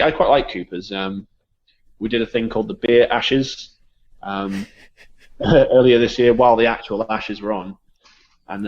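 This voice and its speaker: Guest, English man, low voice, casual rambling chatter, muffled lo-fi recording. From England. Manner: relaxed, rambling, trails off softly. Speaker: guest from a beer shop. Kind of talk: casual chat.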